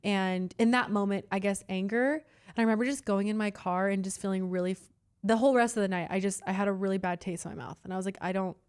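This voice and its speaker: A woman's voice: medium pitch, steady tone, quick pace, clean tone. A young woman hosting a podcast, telling a personal story in an earnest, emotional way. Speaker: podcast host. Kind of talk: candid personal chat.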